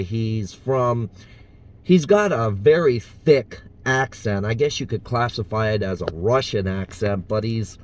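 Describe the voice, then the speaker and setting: A man's voice: mid-range voice, darkish tone. A man from the US South talking casually in a vlog as an impressionist, hesitant and full of fillers. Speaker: impressionist vlogger.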